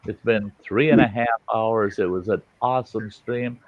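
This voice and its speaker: A man's voice: on the low side, moderate pace, dry recording. A man hosting a late-night livestream, chatting casually and swearing while he tells a long joke with put-on voices. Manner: profane, storytelling with put-on voices. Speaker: livestream host. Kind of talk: casual chat and joke telling. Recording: lo-fi muffled stream audio.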